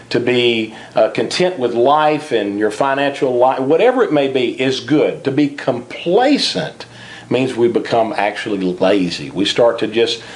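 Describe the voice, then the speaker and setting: In an interview about personal finance, the author of a finance book talks earnestly, occasionally repeating a word as a thought gets going. He has a medium-pitched, slightly mellow voice.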